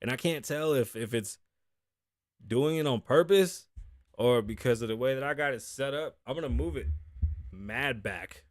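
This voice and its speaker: Young male host, casual profane comic chat, mid-pitched voice, dry close studio mic. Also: lively intonation, moderate pace, no room sound. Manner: profane, joking, mimics voices in stories. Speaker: podcast host. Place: home studio. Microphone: studio mic, live recording.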